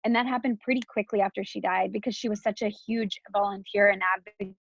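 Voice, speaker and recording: A woman's voice: mid-range voice, fairly even intonation, quick pace, vocal fry, muffled recording. A woman from Texas in her thirties, speaking as an interview guest in a loose, candid flow full of "like" and restarts.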